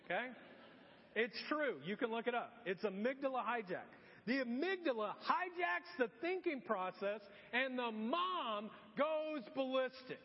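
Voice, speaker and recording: Man, pastor, sermon, very high lively voice, dull sound, long church reverb. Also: measured pace. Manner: animated storytelling with acted-out voices.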